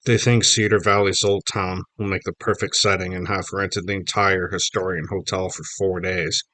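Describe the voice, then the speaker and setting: A man voicing an excitable middle-aged reporter dad, eager and teasing, bubbling over with news. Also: deep voice, moderate pace, dry recording.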